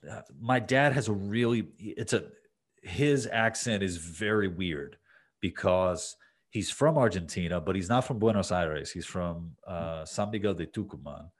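Deep-voiced male podcast host. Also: measured pace. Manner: rambling, many fillers and restarts. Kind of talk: casual conversation.

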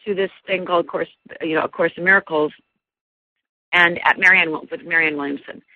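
Gravelly-voiced woman telling her story. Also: on the low side, a little fast, dry recording, narrow, tinny audio. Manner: earnest, animated, many restarts and fillers. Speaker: guest, life coach. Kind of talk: personal storytelling in an interview.

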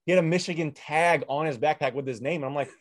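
A man's voice: a little high, quick pace, no room sound, clean studio sound. Laid-back young man telling stories. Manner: laid-back storytelling, many "like"s. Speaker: podcast host, former player. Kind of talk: casual chat.

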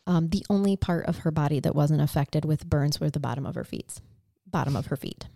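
A woman's voice: deep voice, fairly quick, vocal fry, mellow, dry recording, clean studio sound. A woman co-hosting a podcast, recounting a true crime case in an earnest, conversational way. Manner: earnest, conversational, emotionally moved. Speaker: podcast co-host.

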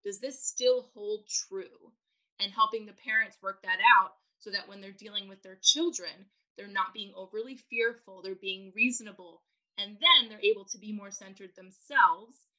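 A woman's voice: medium pitch, poor audio. A woman parenting coach explaining ideas in a podcast interview, acting out what parents think and say. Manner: animated, acts out parents' inner voices.

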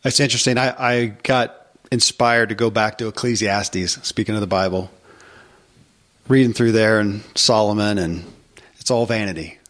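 A man hosting a podcast, speaking reflectively with halting restarts. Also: fairly low pitch, fairly even intonation, fairly bright tone. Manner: thoughtful, halting, with repeated restarts. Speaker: podcast host. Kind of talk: reflective conversation.

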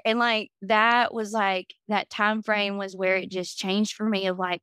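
A woman's voice: medium pitch, fairly even intonation, normal speed, few pauses, a bit bright, clean tone, no room sound. A woman guest on a podcast, telling her story candidly and with lots of fillers. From Florida. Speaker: podcast guest, business owner. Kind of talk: casual interview talk.

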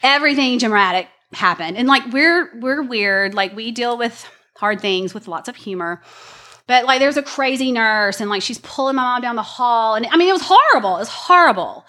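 A woman's voice: on the high side, moderate pace, pushed and bright. Woman, earnest conversational testimony, chatty with fillers. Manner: chatty and earnest, many fillers, says y'all. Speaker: guest sharing a personal story. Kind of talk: personal testimony talk.

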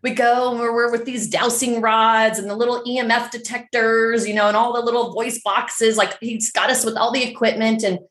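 A middle-aged woman from San Francisco, telling a story as a podcast guest in a chatty, animated way full of fillers. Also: a little high, normal speed, hardly any pauses, echoey room. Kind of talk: casual storytelling.

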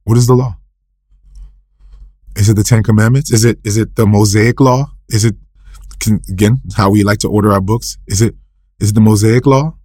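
A man preaches a sermon for a podcast, posing questions and answering them himself, repeating scripture quotes, and jumping sharply in pitch and volume for emphasis. His tone is steady and a little mellow, his pace moderate with long pauses. The recording is dry and has a clean studio sound.

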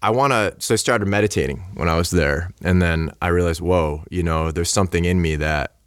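A man with a fairly low voice tells a rambling personal story on a podcast. He slips into the voices of the people in it, with plenty of fillers along the way. The sound is dry and close, with no room echo. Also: brisk, clean tone. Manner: animated, acts out quoted dialogue; many fillers like "like" and "you know". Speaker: podcast guest. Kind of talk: casual storytelling chat.

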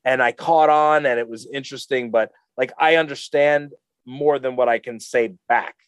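A man's voice: mid-range voice, moderate pace, clean tone, dry recording. A man co-hosting a podcast in casual chat, rambling and jokey, slipping into silly voices. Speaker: podcast co-host.

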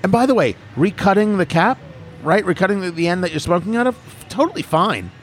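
A man's voice: high-pitched, a little fast, a little hiss or hum. A man hosting an opinionated political talk show, emphatic and mocking. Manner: animated, emphatic, mocking asides.

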